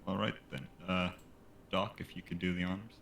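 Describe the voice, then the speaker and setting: Deep-voiced man in an echoey room. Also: level tone, a little fast, vocal fry, a bit bright. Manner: hesitant, thinking aloud with fillers. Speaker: tabletop game player. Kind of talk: casual game-table talk. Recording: roomy, echoey mic.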